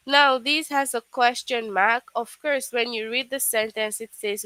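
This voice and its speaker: A woman's voice: fairly high pitch, a little slow, hardly any pauses, a bit bright, dry recording, poor audio. A woman teaching a live online English lesson to children, explaining patiently step by step with frequent "okay"s.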